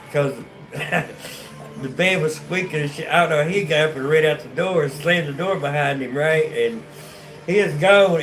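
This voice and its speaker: A man with a North Carolina accent telling his life story on a casual livestream, rambling and profane, with many restarts and fillers. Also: on the high side. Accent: North Carolina Southern.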